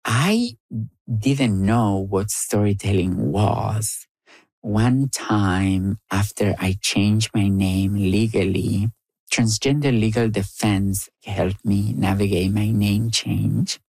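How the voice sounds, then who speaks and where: A woman from Argentina with an Argentine Spanish accent, telling personal stories in an interview in a slow, playful way. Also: extremely low pitch, darkish tone, breathy edge, no room sound. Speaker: storyteller and writer.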